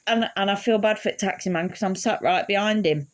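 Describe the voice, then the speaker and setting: A woman's voice: mid-range voice, a little fast, few pauses. A woman telling a funny personal story in a casual, swearing, laughing way. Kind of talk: casual anecdote.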